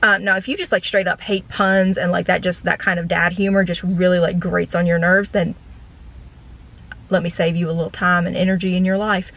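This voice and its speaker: Woman in her 30s, deadpan storyteller, rambly car vlog chat, filler-heavy. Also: fairly low pitch, fairly quick, poor audio. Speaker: vlogger and former theme park ride guide.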